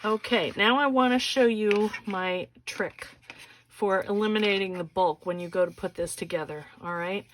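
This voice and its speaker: A woman's voice: medium pitch, moderate pace, a little hiss or hum. Chatty woman demonstrating a craft project. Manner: chatty, frequent "okay?" check-ins. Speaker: crafting tutorial host. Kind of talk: casual step-by-step craft demonstration.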